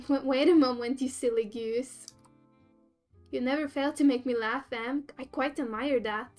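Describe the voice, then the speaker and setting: A woman's voice: high voice, steady tone, unhurried, a little mellow, faint music behind. A woman reading a cheerful, slightly formal young woman who bakes, in a dating game. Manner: polite, slightly formal phrasing.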